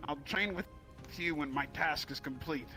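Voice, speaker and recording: Bright-voiced man in casual roleplay. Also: on the high side, moderate pace, soft background music. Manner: casual, laid-back, joking. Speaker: roleplayer voicing his character. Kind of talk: in-character roleplay chat.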